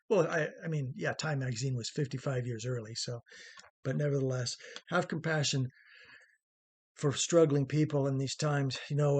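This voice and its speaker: A middle-aged man hosting a spoken commentary, his voice husky and a touch higher than most men's. He rambles conversationally, restarting phrases and leaning on fillers, earnest throughout. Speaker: host. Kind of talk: opinion commentary monologue.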